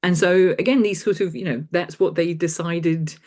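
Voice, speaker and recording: A woman's voice: on the low side, steady tone, normal speed, a little mellow. A middle-aged woman from England, talking as an invited lecturer in a conversational interview, rambling with restarts and fillers. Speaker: guest lecturer.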